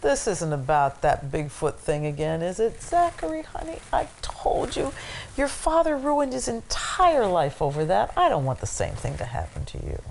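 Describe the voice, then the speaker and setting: A woman's voice: fairly low pitch, wildly swooping pitch, moderate pace, vocal fry, a little mellow, slight background noise, full character voice, rough recording. An actress playing a disapproving mother who chides her grown son. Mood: chiding. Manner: chiding and condescending.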